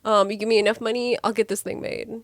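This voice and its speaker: A woman's voice: on the high side, little pitch movement, quick pace, dry recording. A young woman co-hosting a podcast in casual, giggly, self-deprecating banter. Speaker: podcast co-host. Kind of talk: casual chat.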